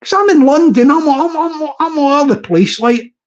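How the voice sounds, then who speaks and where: Hosting a casual live stream, a middle-aged man with a Scottish accent drifts between topics, rambling and frequently restarting. His voice is very high-pitched at a moderate pace, captured in slightly dull lo-fi audio.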